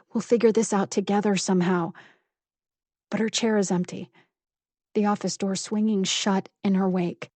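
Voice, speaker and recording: A woman's voice: mid-range voice, a little mellow, no room sound. A woman narrating a first-person psychological thriller audiobook with intense, building fury.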